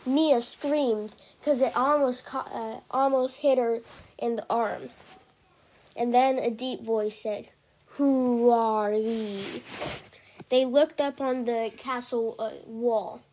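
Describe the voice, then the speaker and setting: Slow, hesitant woman storyteller. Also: on the high side, fairly even intonation, a little mellow, slight background noise. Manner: hesitant, with fillers and restarts. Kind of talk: improvised story narration.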